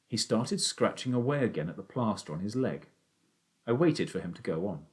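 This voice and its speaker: A man narrating an unabridged children's audiobook in a steady storytelling voice. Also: lowish voice, moderate pace.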